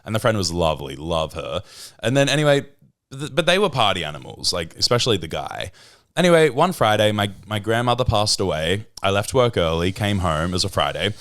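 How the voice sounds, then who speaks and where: A man's voice: fairly low pitch, a little fast. A man, co-hosting a podcast and telling stories in casual chat, acting out quotes in a raised voice. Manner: animated storyteller, acts out quotes in a raised voice. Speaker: podcast co-host.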